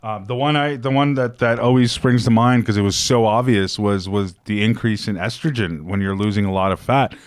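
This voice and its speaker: A man with a lowish voice co-hosts a casual podcast. He explains at an easy pace, often pausing on um and uh. The recording is close and dry. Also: clean tone, dry recording. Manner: explanatory, with frequent ums and uhs. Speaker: podcast co-host. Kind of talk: casual chat.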